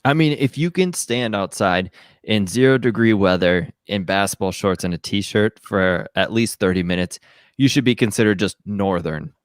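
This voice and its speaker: Joking man from Minnesota, smooth low voice. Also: moderate pace, no echo, clean studio sound. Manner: joking, playful teasing. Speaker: podcast guest, fantasy football analyst. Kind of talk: casual podcast chat.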